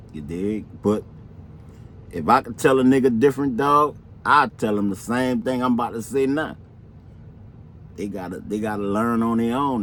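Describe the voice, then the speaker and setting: A man's voice: fairly low pitch, a little hiss or hum. A middle-aged man telling street stories in casual, slang-heavy talk, often asking "you heard me". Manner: slangy, laid-back, keeps saying "you heard me". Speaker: interviewee.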